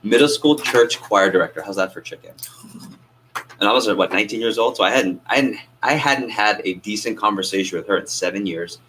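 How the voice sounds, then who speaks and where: Male sales coach, low-pitched, lively with the group, light background hiss. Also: brisk, low-quality recording. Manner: energetic, asks the group questions and acts out phone calls. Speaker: sales trainer. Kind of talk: coaching a training class.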